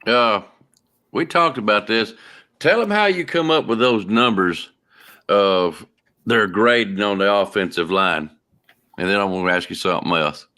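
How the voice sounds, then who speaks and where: A man's voice: fairly low pitch, a little slow, pushed and bright. A man, hosting a casual podcast chat in an easygoing, colloquial way. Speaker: podcast host.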